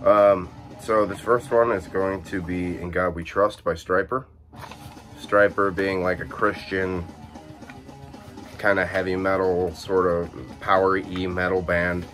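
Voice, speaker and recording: A man's voice: low-pitched, measured pace. A young man casually showing off his music collection, rambling and correcting himself, saying he just woke up. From Illinois, USA. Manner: rambling, relaxed, many fillers and self-corrections. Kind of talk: casual chat.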